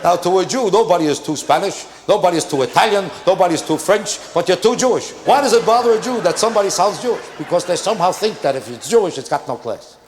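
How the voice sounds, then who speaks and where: An older man doing a stand-up comedy routine on a theater stage, animated and acting out exasperated characters. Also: sits high. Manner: animated, rapid, acts out exasperated characters mid-bit. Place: theater stage with a live audience. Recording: echoey live theater with audience noise. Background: audience laughter.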